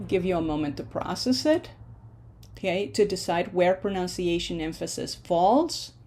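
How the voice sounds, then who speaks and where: A woman's voice: lowish voice, lively intonation, moderate pace, a little mellow. A woman teaching a Spanish pronunciation lesson, stretching out model words with long vowels and asking and answering her own questions.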